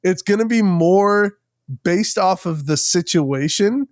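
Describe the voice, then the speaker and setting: A man with a high voice speaks slowly in a clean studio recording with no room sound. As a podcast co-host in casual chat, he rambles, restarting often and using plenty of fillers.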